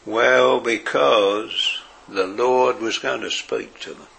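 A man preaching a sermon in an earnest way, dropping his voice softly for quoted words. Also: medium pitch, creaky, slight background noise. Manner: slow, earnest preaching with soft, quiet quoted phrases.

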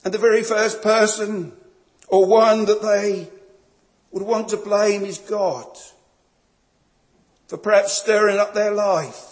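A man's voice: sits high, steady tone, takes it slowly, long pauses. A man preaching a sermon in a solemn, emphatic way, building each point through repeated phrases. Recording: long reverb of a large hall.

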